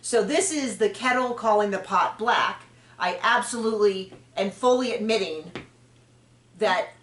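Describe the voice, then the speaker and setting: A woman hosting a podcast, chatting frankly and opinionatedly about a reality show, with quick asides and self-corrections. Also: mid-range voice, a bit bright, slight background noise. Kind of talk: casual opinionated chat. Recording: roomy distant mic.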